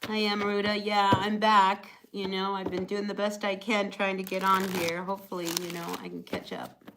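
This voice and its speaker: A woman's voice: medium pitch, level tone, moderate pace, background noise. A woman giving a casual, chatty live tarot reading, encouraging her viewers with lots of fillers like "you know" and "all right". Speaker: tarot reader.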